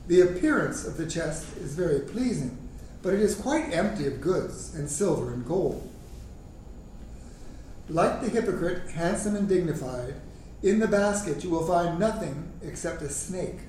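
A man reading out the lines of a poor, defensive husband in a slow, even voice. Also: sits high, slight background noise. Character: poor middle-aged husband, defensive and resentful. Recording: echoey room, mic far off.

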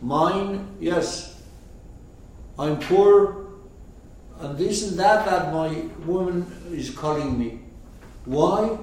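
A man explaining a poem to his class, slow and emphatic, often putting questions to his listeners. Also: on the high side, lively intonation, a little hiss or hum. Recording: echoey room, mic far off.

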